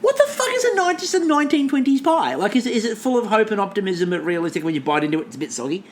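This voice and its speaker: A man's voice: sits high, sing-song, racing, a little hiss or hum. A man co-hosting a casual comedy podcast, rambling with sarcastic, mock-dramatic asides. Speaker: podcast co-host.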